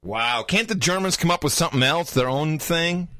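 A man hosting a casual talk show, animated and incredulous as he reacts. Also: on the high side, moderate pace, dry recording, clean studio sound. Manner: incredulous, animated, fond of the word "wow". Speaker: podcast host.

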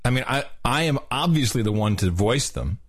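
A man chatting casually as a podcast co-host, his husky voice jumping lively up and down in pitch. He jokes around and laughs easily. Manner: joking, playful, quick to laugh. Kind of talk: casual chat.

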